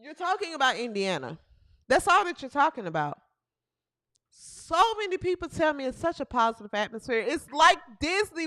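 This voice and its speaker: Brief: woman comic host, very high and bright voice, swooping, sarcastic sports rant. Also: no room sound, studio quality. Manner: sarcastic, mocking, repeats lines for effect. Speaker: comedian and show host. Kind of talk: comedic sports commentary rant.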